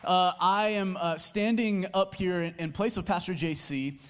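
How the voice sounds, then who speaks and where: A man's voice: high-pitched, normal speed, slight background noise. A man, a campus pastor, rallies a church crowd with friendly welcomes and announcements, tired after little sleep. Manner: energetic, crowd-rallying, friendly with fillers. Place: large auditorium. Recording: long hall reverb.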